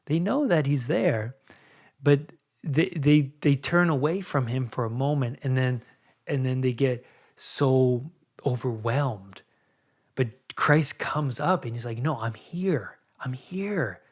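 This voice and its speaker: Man, solo podcast host, slow unhurried delivery, reflective, halting, repeats himself. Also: mid-range voice. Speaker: podcast host and anxiety coach.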